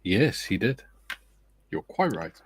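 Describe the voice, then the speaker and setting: Fairly low-pitched and very animated, a middle-aged man speaks slowly over slight background noise. Hosting his casual scale-modelling stream, he reads viewer comments and banters jokily with friends.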